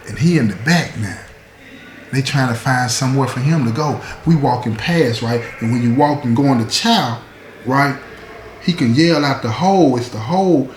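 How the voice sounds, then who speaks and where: Animated storytelling man, echoey room. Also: medium pitch, slight background noise. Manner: animated, acts out quoted voices. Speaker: host.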